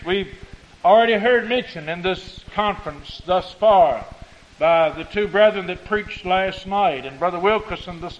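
Fervent high-voiced country preacher. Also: male voice, lo-fi sound. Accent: rural American country. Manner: rising to fervent shouts, slowing on scripture. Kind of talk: sermon.

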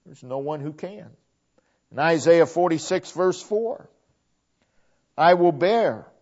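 Man preaching, slow and high, leans on every quoted line, muffled old recording. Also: expressive, darkish tone. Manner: emphatic, drawn-out delivery with frequent Bible quotations. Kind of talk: sermon. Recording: dull lo-fi sound.

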